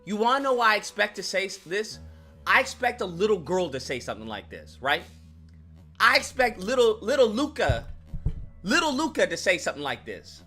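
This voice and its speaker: Animated, bright-voiced man ranting. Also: high-pitched, brisk, breathy edge, faint music behind. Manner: emphatic, repeats lines for effect, profane. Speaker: commentary channel host. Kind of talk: opinionated commentary rant.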